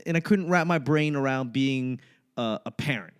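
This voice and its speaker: A man in his late thirties, a stand-up comedian hosting a casual podcast chat, who talks in an animated way, laughs often and acts out the lines he quotes. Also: mid-range voice, normal speed, clear, resonant tone. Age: late 30s.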